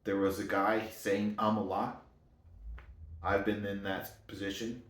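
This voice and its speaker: A man with a lowish, flat, unhurried voice gives a casual motivational monologue. He rambles in loose sentences and corrects himself as he goes, and the room he's in is echoey.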